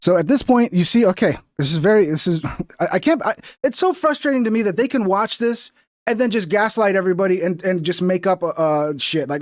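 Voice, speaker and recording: Male streamer, high voice, dry close sound, heated, profane, mocking. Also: a little fast, no room sound. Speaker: political commentary streamer. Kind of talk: heated livestream commentary.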